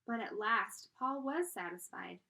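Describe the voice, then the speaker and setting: A woman narrating a children's chapter book in an expressive, animated read-aloud. Her voice sits a little high and sounds bright. Her pitch swings widely. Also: measured pace, vocal fry. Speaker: storyteller.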